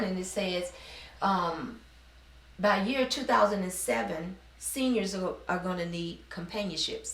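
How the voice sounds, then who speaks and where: A middle-aged woman from New Orleans, telling her personal story in an earnest, heartfelt interview. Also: medium pitch. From New Orleans, USA. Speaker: business owner interviewee. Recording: roomy sound, mic at a distance.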